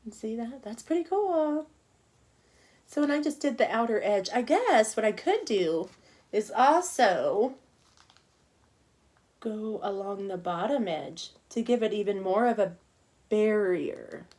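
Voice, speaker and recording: A woman's voice: mid-range voice, animated, takes it slowly, pauses often. A middle-aged woman teaching an online cupcake decorating class, chatting casually and talking to herself as she works. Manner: chatty, talks to herself while working, soft murmurs.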